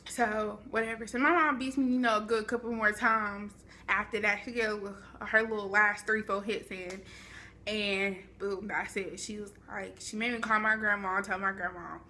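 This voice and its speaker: A young woman vlogging a storytime, animated and chatty with dramatic asides, speaking to a camera at home. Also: medium pitch, moderate pace, slight background noise. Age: young adult. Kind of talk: storytime vlog.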